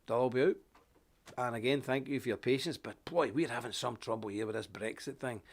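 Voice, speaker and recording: A man presenting a live online show, talking in an animated, folksy rant while unwell with a stuffy nose. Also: mid-range voice, brisk, slight background noise. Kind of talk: live broadcast chat and rant.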